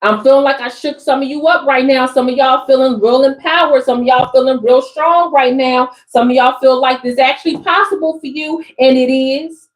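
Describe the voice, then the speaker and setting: A woman's voice: sits high, fairly even intonation, normal speed, few pauses, rough recording. A woman with an East Coast accent, reading tarot cards live in an emphatic, slangy way that repeats phrases. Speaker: spiritual coach reading tarot for a live audience.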